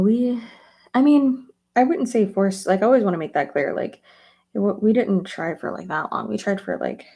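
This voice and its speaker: A young woman talking through her makeup routine in a loose, rambling way. Her voice is husky and slightly gravelly, with a mellow, relaxed tone. She fills her sentences with likes and ums. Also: mid-range voice. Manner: chatty, rambling with many fillers. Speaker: beauty vlogger. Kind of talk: casual get-ready-with-me chat.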